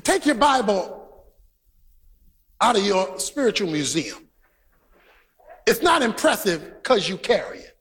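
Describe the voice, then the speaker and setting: A man preaches a sermon in a very high, lively voice that leaps across his range. He punches lines with shouts and banters with his congregation. The sound rings with a long hall reverb from a large sanctuary. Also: measured pace, pauses often, slightly rough. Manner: animated, emphatic preaching with frequent shouted lines; banters with the congregation and tells stories.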